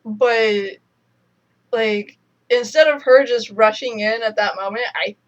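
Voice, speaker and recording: A woman's voice: fairly high pitch, steady tone, slow pace, highs cut off. A woman co-hosting a casual review chat, explaining at length with lots of fillers. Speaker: podcast co-host.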